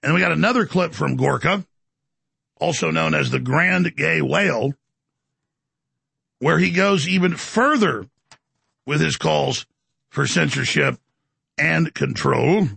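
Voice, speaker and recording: Male talk radio host, bombastic, rapid-fire, raspy voice, pitched up. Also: a bit bright, dry recording. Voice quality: gravelly. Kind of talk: fast-paced talk radio monologue.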